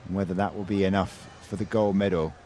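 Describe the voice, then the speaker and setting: A man's voice: low voice, fairly even intonation, quick pace, mellow, slight background noise. A man doing sports commentary, calling out the scores and the gymnasts' names with a lift in his voice. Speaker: play-by-play commentator.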